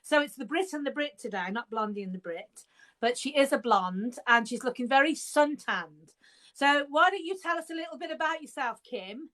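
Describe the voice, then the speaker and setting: A British woman from England hosts a live podcast interview over a video call, chatty and bubbly. Her high-pitched voice is expressive and a bit bright at a moderate pace, and she laughs often and sometimes trails off mid-sentence.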